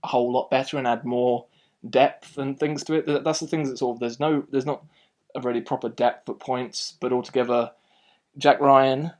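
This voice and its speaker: A man hosting a casual film review chat, talking in a rambling, animated way and often restarting his sentences. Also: mid-range voice, fairly quick.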